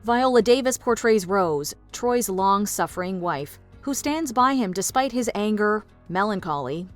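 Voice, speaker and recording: A woman giving polished, even, scripted narration for a film countdown. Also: medium pitch, measured pace, faint music behind.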